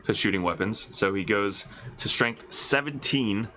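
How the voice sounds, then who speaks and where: A man with a congested voice, casually reading out and reacting to game rules as a host, excited and swearing, thinking aloud. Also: fairly low pitch, measured pace, slight background noise, rough recording. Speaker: wargaming video host reviewing rules.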